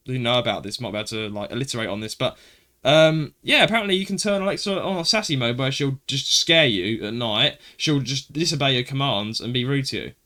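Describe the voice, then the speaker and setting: A man co-hosting a casual chat show, telling stories with lots of animation. His voice is bright and forward, and he keeps dropping "mate" as he talks. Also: medium pitch. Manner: animated storytelling, swearing, says "mate" a lot. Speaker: podcast co-host.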